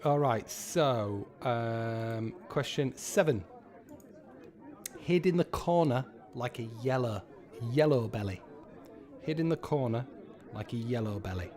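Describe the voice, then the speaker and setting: Slow-talking, sweary pub quiz host man. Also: medium pitch, lively intonation, darkish tone, a faint crowd. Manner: casual, sweary, repeats each question slowly. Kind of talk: live quiz hosting.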